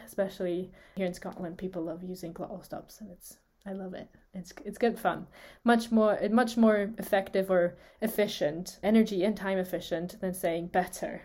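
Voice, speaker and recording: A woman's voice: mid-range voice, darkish tone. A woman, a native Swiss German speaker, co-hosting a podcast and explaining how consonants are made, demonstrating the sounds aloud and laughing often. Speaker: co-host explaining speech sounds. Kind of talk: podcast lesson, casual chat.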